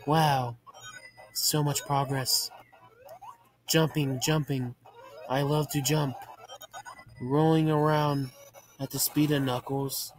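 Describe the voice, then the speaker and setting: A man giving profane, deadpan muttered commentary while playing a video game, framed as a mock ASMR video. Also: a little high, slow, long pauses, soft background music. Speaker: gaming channel host.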